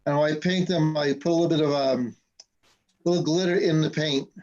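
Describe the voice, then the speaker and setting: A man chats on a live stream with a fairly high voice and an easygoing, joking way of telling stories. The sound is a bit dull and muffled, like it's coming in through a video call. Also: steady tone, fairly quick, darkish tone. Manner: chatty, laughing between stories. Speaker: host. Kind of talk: casual chat on a live stream.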